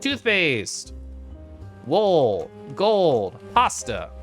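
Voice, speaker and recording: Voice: medium pitch, wildly swooping pitch, extremely slow, faint music behind, full character voice. A streamer voicing a laid-back surfer-bro game character who keeps saying he is a great listener. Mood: matter-of-fact. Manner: drawling, easygoing surfer-bro talk. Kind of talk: game voice acting.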